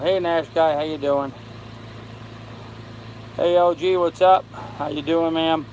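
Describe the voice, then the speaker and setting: A man's voice: a little high, steady tone, unhurried, long pauses, darkish tone, rough recording. Tired older man greeting stream viewers. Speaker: live-stream host. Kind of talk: casual live-stream chat reading comments. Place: on a sailboat with air conditioning and fan running. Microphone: phone. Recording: faint fan and air-conditioner hum behind.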